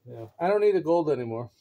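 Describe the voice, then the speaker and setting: Goofy, lively-voiced man vlogging. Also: a little high, highs cut off, slight background noise. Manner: goofy, playful, laughs often; rambling, chatty. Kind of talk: casual home vlog. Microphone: phone on a stand.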